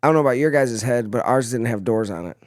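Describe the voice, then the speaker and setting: A young man, a former Marine, casually telling profane stories on a podcast in an animated way. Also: mid-range voice, fast, no echo, studio quality. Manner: profane storytelling, animated in anecdotes. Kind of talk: casual chat.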